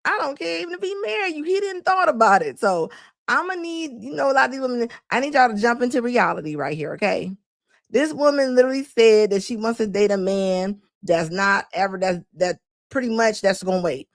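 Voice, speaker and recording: A woman commenting live to her chat, animated and laughing often as she mocks the people she quotes. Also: fairly high pitch, fairly quick, gravelly, no room sound, clean studio sound. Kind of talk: reaction stream talking to chat.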